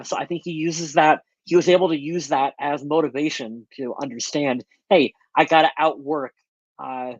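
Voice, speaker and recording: Male podcast co-host, earnest and reflective, slightly higher voice, dry, muffled recording. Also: no room sound. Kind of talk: casual sports chat.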